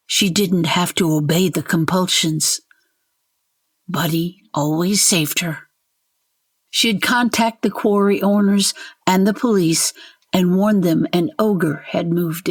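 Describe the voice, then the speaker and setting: Slow, husky woman storyteller. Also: on the low side. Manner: measured, deliberate storytelling. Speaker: narrator. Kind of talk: scripted narration of a fantasy short story.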